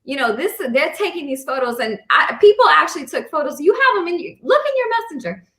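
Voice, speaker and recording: A woman's voice: high-pitched, very animated, quick pace, sharp tone, reverberant. A woman on a video call, speaking in a rambling, heartfelt way with many fillers. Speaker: campaign supporter. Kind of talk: casual video call chat.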